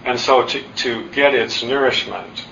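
A middle-aged man giving an earnest, self-deprecating public talk, with halting restarts. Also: medium pitch, creaky, a bit bright, roomy sound, slight background noise. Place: hall with an audience. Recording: distant, dull lo-fi talk recording.

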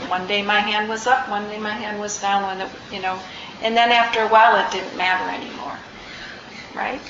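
A woman's voice: mid-range voice, noisy background. Reflective woman giving a dharma talk. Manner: reflective, unhurried, frequent ums and restarts. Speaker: meditation teacher. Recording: roomy, slightly dull recording.

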